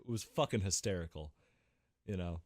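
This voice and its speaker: A man co-hosting a casual gaming podcast, telling stories in an animated way and swearing constantly. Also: low-pitched, normal speed, dry recording. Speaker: podcast co-host.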